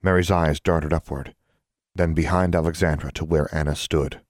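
A man narrates a novel in a measured, steady reading. His voice sits very low, and the sound is dry and close with no room in it. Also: no room sound. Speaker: audiobook narrator. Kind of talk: scripted narration.

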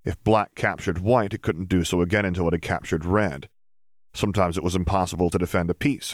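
Low-voiced man reading a story. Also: dry recording, clean studio sound. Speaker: audiobook narrator. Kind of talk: fan fiction audiobook reading.

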